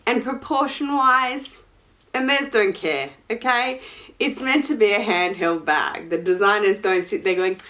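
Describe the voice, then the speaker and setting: Brief: woman vlogger, casual unboxing talk, frank and chatty, mid-pitched. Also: measured pace, sharp tone. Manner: frank, chatty, sassy asides. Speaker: luxury fashion vlogger. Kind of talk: casual unboxing chat to camera.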